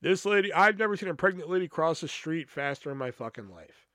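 A man's voice: fairly high pitch, animated, a little fast, fairly bright tone, dry recording, clean studio sound. A young man hosting a podcast, telling a rambling, swear-filled story with lots of fillers. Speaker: podcast host. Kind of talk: casual comic storytelling.

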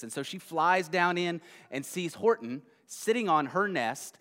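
A male pastor giving a casual sermon, retelling a children's story in a conversational way and often checking in with a quick "right?". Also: a little high, animated, pushed and bright. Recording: long hall reverb.

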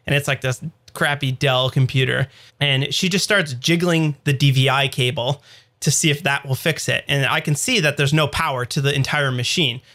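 Podcast co-host, man, thirties, crisp tense tone with fry, casual and full of restarts. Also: medium pitch, moderate pace, sharp tone. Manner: rambling storyteller with many fillers and restarts. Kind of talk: casual chat.

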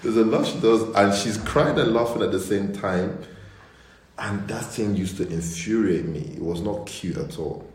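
A young man with a low, deep voice chats casually with his online church group as their pastor. He tells stories with energy and slips into the voices of the people in them. The sound is roomy and echoey. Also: moderate pace. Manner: animated storytelling with mimicked voices. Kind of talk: casual online livestream chat. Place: indoors at home. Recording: roomy echo.

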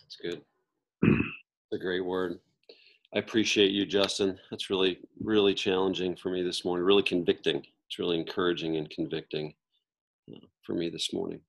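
Low-voiced man leading a group call. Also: level tone, normal speed, gravelly. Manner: affirming, with soft short responses. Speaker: call leader.

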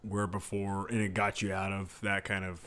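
A man's voice: low-pitched, monotone, moderate pace, fairly bright tone, clear, resonant tone. A man co-hosting a podcast, asking loose, rambling questions in casual chat. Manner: loose questions full of filler words.

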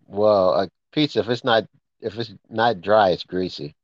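Deep-voiced man, dry, slightly dull sound. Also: normal speed, dry recording. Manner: joking, drops into gangster impressions. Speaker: podcast co-host. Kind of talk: casual chat.

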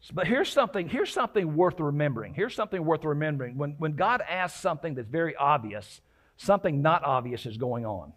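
Male pastor with a slightly higher voice, chatty sermon delivery that stops and restarts and dramatizes quotes. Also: animated, fairly quick, a bit bright. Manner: conversational preaching with frequent restarts and acted-out quotes.

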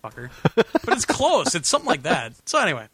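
A man hosting a gaming podcast in casual chat, rambling and correcting himself, laughing often, a little hoarse. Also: sits high, huge pitch swings, brisk, a bit bright, dry recording. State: losing his voice. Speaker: podcast host.

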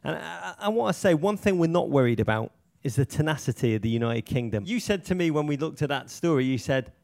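A man's voice: a little high, animated, fast talker, creaky, a little mellow, no room sound, studio quality. A British man co-hosting a comic podcast, talking in grandiose, theatrical phrases. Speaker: podcast co-host.

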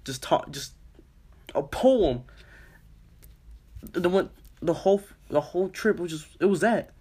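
A man's voice: high voice, expressive, a little slow, darkish tone, breathy edge. A young man co-hosting a casual podcast, telling a story with lots of swearing and "I was like" quotes. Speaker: podcast co-host.

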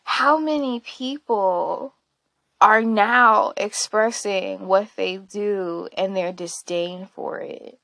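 A woman's voice: mid-range voice, slow, vocal fry, fairly bright tone, no room sound. A woman hosting a casual solo podcast, talking candidly and rambling, often laughing and swearing along the way. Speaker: podcast host.

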